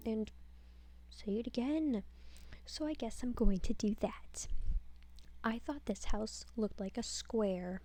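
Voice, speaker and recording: Woman, casual voiceover, rambling, self-deprecating, sarcastic, mellow voice, faint music underneath. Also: a little high. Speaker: video creator narrating her own game build.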